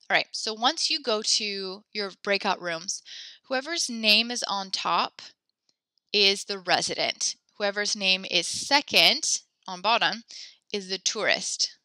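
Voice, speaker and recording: A woman's voice: mid-range voice, bright, forceful tone, no echo. A woman teaching a French class online, chatty and encouraging, with many fillers as she explains tasks. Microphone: computer mic in a video class.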